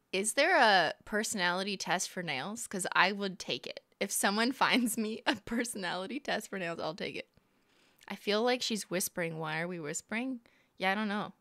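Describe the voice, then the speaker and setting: Chatty bright-voiced woman streamer. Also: medium pitch, no room sound, studio quality. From Canada. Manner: chatty, playful, sarcastic, laughs often. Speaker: streamer reacting to videos. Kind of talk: casual live-stream commentary.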